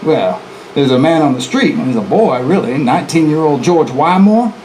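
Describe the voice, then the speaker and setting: Playing a defiant, bragging bank robber, a male reenactor addresses the audience directly in folksy first-person storytelling at an indoor live venue, full of chatty asides. The voice is on the high side, sing-song and a little mellow at normal speed, captured in poor, reverberant audio with some hiss or hum.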